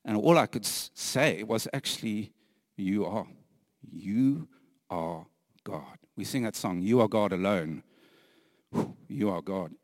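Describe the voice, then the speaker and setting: A man preaching a sermon earnestly, repeating phrases for emphasis, sometimes dropping to a hushed whisper and laughing lightly between points. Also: lowish voice, normal speed, no room sound, studio quality, long reverb tail.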